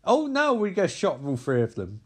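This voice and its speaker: A man's voice: high-pitched, wildly swooping pitch, a little fast, a little mellow, breathy edge. Sarcastic man riffing on a movie. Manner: sarcastic, profane, rambling. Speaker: movie reviewer. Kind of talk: comedic movie recap.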